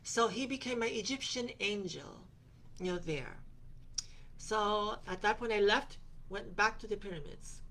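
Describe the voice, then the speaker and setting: A woman's voice: mid-range voice, a little slow, sharp tone, a little hiss or hum. A woman hosting a podcast, telling a personal travel story in a rambling way, with many fillers and restarts, and quoting the people she met. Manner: quotes other people in her retelling. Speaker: podcast host.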